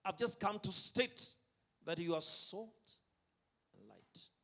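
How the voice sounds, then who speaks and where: This man's voice is high and gravelly with a slight brightness, and his pitch swings widely. He delivers an emphatic sermon at a concert, drawing out important words while the crowd echoes his lines in call-and-response.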